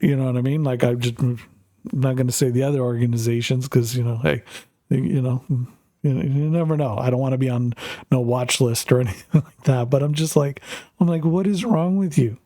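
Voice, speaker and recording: A man's voice: mid-range voice, fairly even intonation, a little fast, mellow, no room sound, studio quality. A middle-aged Canadian man, a streamer, telling a rambling family story with lots of fillers while gaming.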